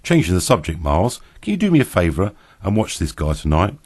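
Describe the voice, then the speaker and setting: A man's voice: low-pitched, very animated, a little mellow, dry recording. A man voicing a thoughtful, wary male character in a storybook reading. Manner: thoughtful, measured.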